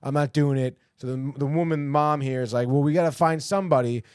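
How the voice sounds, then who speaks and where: Recorded in studio quality with no room sound, a man's smooth, slightly high voice moves a little fast as he hosts a podcast. He animatedly recaps a TV episode, voicing characters' lines in passing and cursing plenty.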